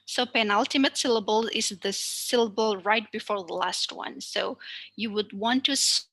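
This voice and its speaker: A woman's voice: mid-range voice, normal speed, pushed and bright, no echo. A woman with an Indonesian accent teaching a language lesson online, talking carefully with many fillers.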